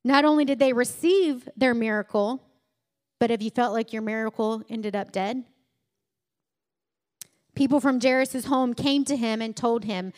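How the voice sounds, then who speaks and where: Female preacher mid-sermon, storytelling style with emphatic climaxes, pitched slightly high. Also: moderate pace, darkish tone.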